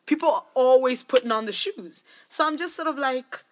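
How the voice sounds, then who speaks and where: A woman co-hosting a podcast in casual chat, telling stories in an animated, joking way. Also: high voice, moderate pace. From not South African. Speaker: podcast co-host.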